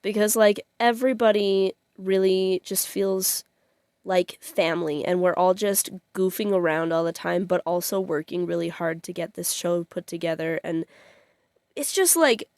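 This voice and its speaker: A woman's voice: lowish voice, normal speed, darkish tone, smooth, dry recording, studio quality. A young woman chatting casually on her vlog, rambling with fillers and frequent giggles. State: tearful at times. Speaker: vlogger.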